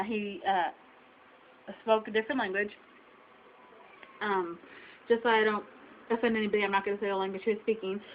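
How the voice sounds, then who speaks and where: Indignant woman venting, lo-fi webcam. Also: a little high. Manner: indignant, emphatic storytelling. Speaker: vlogger. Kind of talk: venting to camera. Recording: dull lo-fi webcam audio.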